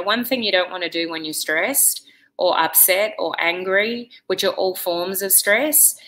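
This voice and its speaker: Middle-aged woman, direct conversational vlogger, slightly low pitch, bright voice. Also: rough recording. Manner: chatty, direct, with many "you know"s. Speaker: vlogger giving life advice. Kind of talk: casual advice monologue to camera.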